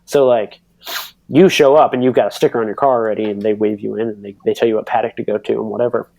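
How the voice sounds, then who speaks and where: A man in his thirties telling a racing story on a podcast, rambling and animated with lots of fillers and acted-out quotes. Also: fairly low pitch, quick pace, creaky, no room sound. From United States. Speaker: podcast guest, pro cyclocross racer. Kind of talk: casual storytelling.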